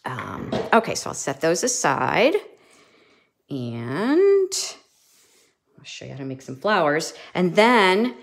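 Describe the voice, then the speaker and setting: A woman's voice: low-pitched, huge pitch swings, slow pace, vocal fry. A woman giving a casual craft tutorial, chatty and thinking aloud as she works, often restarting her sentences. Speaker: papercraft instructor.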